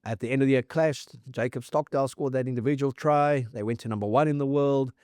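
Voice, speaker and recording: A man's voice: medium pitch, fast, darkish tone, clear, resonant tone, no room sound. Rugby podcast host: man with a mid-range voice, dry close recording, fact-heavy storytelling full of scores. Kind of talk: casual rugby chat.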